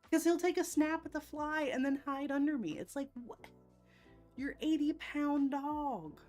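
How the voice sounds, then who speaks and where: A woman hosting a relaxed live stream, chatting straight to her viewers. She laughs often, and her fairly high voice swoops up and down a lot. Soft music plays faintly behind her. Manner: giggly, breaks into laughter often. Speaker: live-stream host painting nails. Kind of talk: casual live-stream chat.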